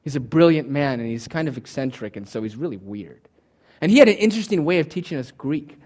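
A man's voice: on the high side, animated, fast, darkish tone. A man preaching a sermon, teaching from Greek words with emphatic, swinging delivery and touches of humor. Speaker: pastor.

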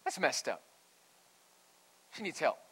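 A male pastor preaching a sermon, going from hushed, slow lines to loud, emphatic ones. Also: a little high, big pitch swings, breathy edge, low-quality recording.

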